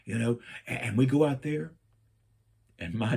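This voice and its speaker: Older guy telling a funny family story, kinda husky, acts out all the voices. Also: medium pitch, measured pace, pauses often. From Virginia, USA. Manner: animated, playful, acts out each person in the story.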